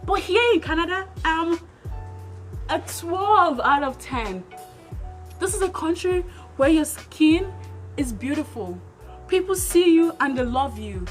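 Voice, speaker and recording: A woman with a strikingly high voice delivers opinionated vlog commentary. She talks emphatically and keeps firing rhetorical questions at her viewers. Faint background music runs under her voice. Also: expressive, takes it slowly, pauses often. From Nigeria. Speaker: vlogger.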